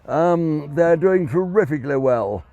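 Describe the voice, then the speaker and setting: A man's voice: fairly high pitch, lively intonation, a little slow, creaky, dark tone, no room sound. Genteel man on cricket commentary. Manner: genteel, chatty, self-deprecating. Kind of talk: live ball-by-ball commentary. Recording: dull lo-fi sound.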